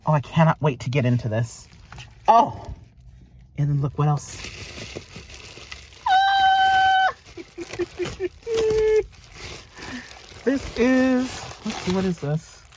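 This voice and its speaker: Female unboxing vlogger, gushing and exclamatory, lowish voice with a lively range and faint background noise. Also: slow, long pauses. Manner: gushing, exclamatory, thinks aloud. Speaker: vlogger unboxing luxury items. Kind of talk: casual unboxing vlog.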